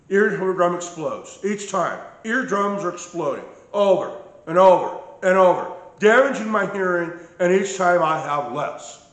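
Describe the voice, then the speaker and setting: A man's voice: high voice, expressive, measured pace, a bit bright, reverberant. A man telling his own story of medical mistreatment in a casual, emphatic way, often checking in with "okay?". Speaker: patient recounting his medical ordeal. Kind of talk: casual personal account.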